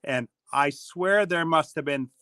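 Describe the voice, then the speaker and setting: A middle-aged man co-hosting a casual live stream, telling animated stories and reading viewer comments aloud. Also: on the high side, measured pace, no room sound. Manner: animated storyteller, laughs often.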